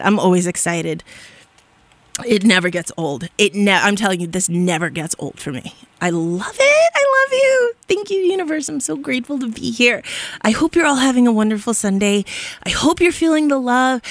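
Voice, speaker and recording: A woman's voice: medium pitch, no echo. A woman hosting a radio show from a studio, talking in a bubbly, effusive, rambling way with frequent giggles. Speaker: radio DJ and host. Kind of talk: casual radio DJ chat.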